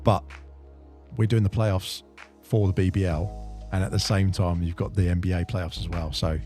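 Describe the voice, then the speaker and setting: Low, mellow-voiced man chatting. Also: level tone, moderate pace, soft background music. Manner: chatty, explains at length with restarts. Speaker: podcast co-host. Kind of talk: casual chat.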